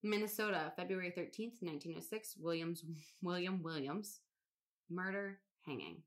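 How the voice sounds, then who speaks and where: Lowish voiced woman on a podcast, rattling off a list, casual, swears a bit. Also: normal speed. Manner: casual, swears, laughs at odd names. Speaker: podcast co-host. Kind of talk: casual podcast chat, reading a list aloud.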